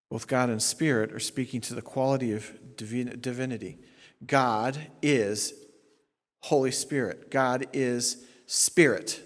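A male pastor teaching a sermon, explaining Greek grammar point by point with emphatic stresses. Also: medium pitch. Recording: long hall reverb.

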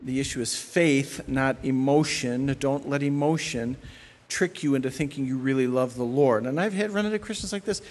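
A middle-aged male pastor preaching a sermon in an animated way, acting out the voices of the people he describes. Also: mid-range voice, moderate pace, big-room sound.

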